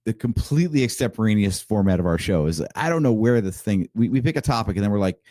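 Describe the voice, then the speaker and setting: A man in casual podcast chat, cracking jokes and walking through his reasoning. His voice is fairly low and mellow. It is recorded dry and close. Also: lively intonation, fast, no echo. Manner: joking, analytical. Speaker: podcast co-host.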